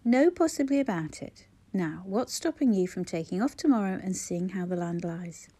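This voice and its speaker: A frank, bossy woman friend, voiced by a woman reading a novel aloud. She lays down the law with firm, clear lines. Her tone is mellow. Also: on the low side, moderate pace.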